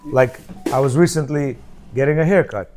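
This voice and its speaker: A man's voice: medium pitch, a little fast, darkish tone, faint music behind. A middle-aged man giving an informal religious lecture, conversational and often checking in with his listeners. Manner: conversational, keeps checking in with "yeah?" and "you know"; acts out quoted speech in shifting voices. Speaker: religious teacher.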